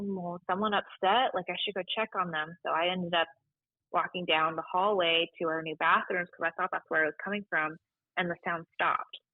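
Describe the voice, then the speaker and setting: Lively library staffer, a woman, slightly low voice, tinny phone-quality recording. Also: dry recording. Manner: chatty, animated, acts out quoted voices. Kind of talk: casual storytelling interview.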